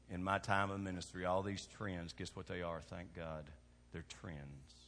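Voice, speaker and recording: A man from Kentucky with a Southern accent, a pastor preaching a sermon that swings from hushed lows to shouted exhortation. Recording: long hall reverb.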